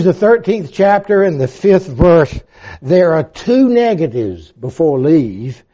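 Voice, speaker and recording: A man of seventy-four preaching a sermon with fervor, swinging from loud emphasis to hushed reflection and quoting old-fashioned scripture. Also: high-pitched. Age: 70s. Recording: dull lo-fi recording.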